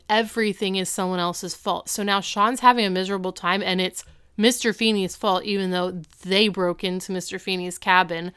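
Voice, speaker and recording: Chatty woman with a smooth voice. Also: mid-range voice, a bit bright. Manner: chatty, laughs often, uses fillers. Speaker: podcast co-host. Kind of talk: casual chat recapping a TV episode.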